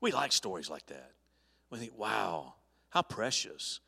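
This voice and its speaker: A man's voice: lowish voice, big pitch swings, unhurried, vocal fry, pushed and bright, slightly rough. A middle-aged man, a pastor, preaching an earnest sermon, often restarting his sentences as he talks. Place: church sanctuary. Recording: long church reverb.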